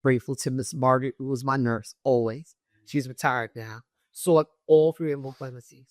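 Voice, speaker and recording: A middle-aged woman with a naturally loud voice, a guest telling an emotional personal story and acting out what others said. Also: very deep voice, normal speed, no room sound, studio quality. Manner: animated, acts out what others said.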